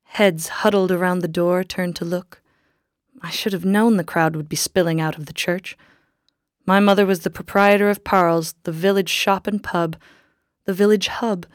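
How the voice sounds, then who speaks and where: A woman reading a first-person novel aloud in a measured, reflective storytelling manner. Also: fairly low pitch, fairly even intonation, no echo, studio quality. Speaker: audiobook narrator. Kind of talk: scripted first-person narration.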